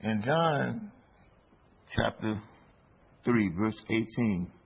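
A man preaching a sermon in a slow, deliberate way, his voice rising for emphasis. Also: fairly low pitch, vocal fry, breathy edge. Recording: dull lo-fi recording with faint background noise.

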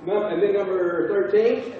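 A man with a Southern US accent teaching a Bible class, halting and repeating himself as he quizzes the group. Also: sits high. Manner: halting, repeats words, asks the class questions. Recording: echoey room from far off, dull sound.

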